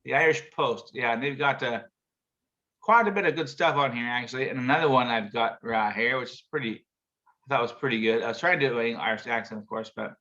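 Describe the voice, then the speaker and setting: A bright, forceful male voice hosts a relaxed chat show, wandering through jokes he reads off a screen with plenty of chuckles and restarts. The sound is a little muffled, as if it comes through a video call. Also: medium pitch. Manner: chuckling, rambling joke-teller. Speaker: show host. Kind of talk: casual chat, reading jokes.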